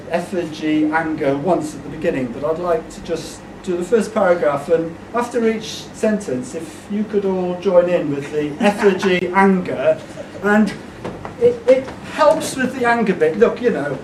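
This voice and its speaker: A man reading poems at a book launch, playful and joking, leading the audience in a shouted refrain. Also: sits high. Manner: playful, joking, mock-esoteric; shouting the refrain with rising energy. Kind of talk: live poetry reading with audience call-and-response. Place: indoor event room with an audience. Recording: echoey room, far mic, loud crowd noise.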